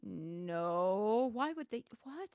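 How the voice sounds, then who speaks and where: A woman's voice: mid-range voice, sing-song, extremely slow, darkish tone, clear, resonant tone, dry recording, studio quality. A woman co-hosting a casual live show, laughing along and playing along with jokes. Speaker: podcast co-host.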